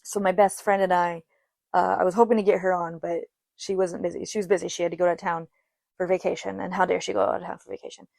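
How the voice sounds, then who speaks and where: Gravelly-voiced woman podcast host. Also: lowish voice, little pitch movement, a little mellow, dry recording. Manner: chatty and self-deprecating, laughs often, quotes others in quick asides. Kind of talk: casual solo podcast storytelling.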